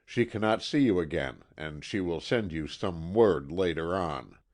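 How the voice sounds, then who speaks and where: A man's voice: deep voice, lively intonation, a little slow, a little mellow. A man voicing an agitated male servant who speaks formally and tries to control his emotion. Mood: restrained. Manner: formal, tense, pressing.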